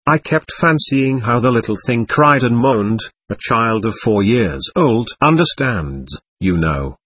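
A man voicing an excitable, capricious teenage girl, talking intensely and darting between teasing and pleading. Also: medium pitch, slightly rough, dry recording, heavily acted.

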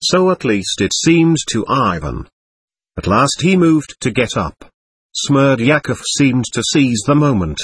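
Husky-voiced man narrating an audiobook. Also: medium pitch, sing-song, no room sound. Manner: measured storytelling. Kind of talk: scripted narration of a classic novel.

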